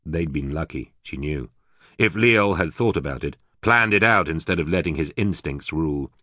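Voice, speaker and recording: Deep-voiced man narrating an audiobook. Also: moderate pace, no room sound, clean studio sound. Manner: steady, even storytelling.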